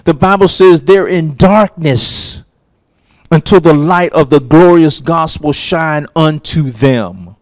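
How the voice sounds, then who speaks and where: A man preaching a sermon, slow and emphatic, with long pauses between phrases. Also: a little high, no echo. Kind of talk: sermon teaching.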